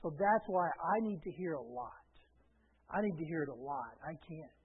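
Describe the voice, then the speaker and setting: High-voiced preacher on a tinny radio line. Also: male voice, lively intonation, moderate pace, husky. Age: middle-aged. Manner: swings from hushed to loud, repeating phrases. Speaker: pastor. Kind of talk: sermon. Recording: phone-like radio broadcast.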